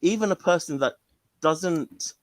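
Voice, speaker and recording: A male caller telling a story on a call-in stream in an animated way, laughing and restarting often. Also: on the high side, measured pace.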